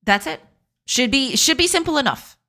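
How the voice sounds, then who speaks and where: A woman's voice: sits high, animated, moderate pace, sharp tone. A woman game developer, heard through a voice changer, thinking aloud and explaining code step by step in a casual, giggly live-stream chat.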